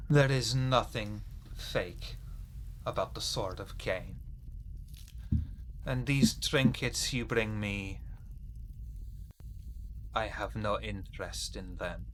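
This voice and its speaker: A man's voice: fairly low pitch, slight background noise. A man doing a grandiose vampire flesh-shaper. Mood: cold disdain. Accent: put-on Eastern European accent. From Europe. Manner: slow, deliberate, solemn pronouncements. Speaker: game master. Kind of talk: tabletop role-play voicing.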